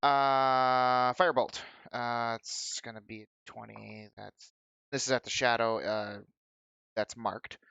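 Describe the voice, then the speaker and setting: Gravelly-voiced man running a tabletop game. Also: mid-range voice, slow, no room sound, dull audio. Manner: relaxed, explains rules, joking asides. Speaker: game master.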